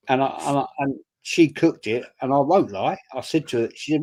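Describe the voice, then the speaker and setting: A man's voice: medium pitch, a little fast, few pauses. An older man telling blunt, sweary stories in casual live-stream chat. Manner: blunt, sweary storyteller, loud and animated. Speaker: guest on a fan stream.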